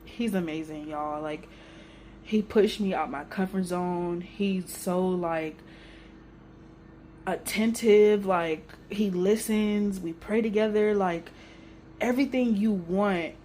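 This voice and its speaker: A young woman telling a personal story on her vlog in a casual, emotional, animated way with everyday slang. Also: mid-range voice, takes it slowly, slight background noise. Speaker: vlogger.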